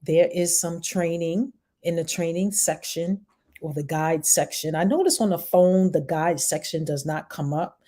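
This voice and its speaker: A woman with a New York accent talks fast and chats casually, encouraging her viewers like an online business coach. Her voice sits a little low and sounds mellow and relaxed. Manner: fast-talking, encouraging, chatty. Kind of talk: casual live-stream talk to viewers.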